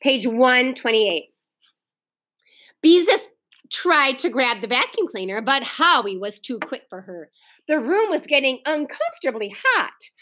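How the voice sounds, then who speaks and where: A woman reading a children's book aloud, talking directly to young listeners between passages. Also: fairly high pitch. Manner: animated, doing children's voices, talks to listeners directly. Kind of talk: read-aloud storytime for kids.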